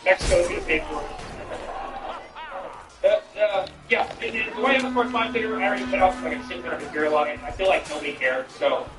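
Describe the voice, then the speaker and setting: A man's voice: high voice, fast talker, hardly any pauses, recorded from a distance. A man streaming a game and chatting with viewers, a comedian with profane, rambling, incredulous banter. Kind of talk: casual gameplay chat with viewers. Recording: echoey room, off-mic, music behind.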